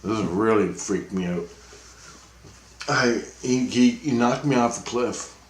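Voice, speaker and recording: A man rambling through a personal story, acting out the voices in his tale with a lifted pitch. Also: unhurried, slight background noise. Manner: acts out quoted dialogue with a raised voice; loose, meandering, with frequent restarts. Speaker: vlogger recounting dreams. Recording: roomy, echoey room.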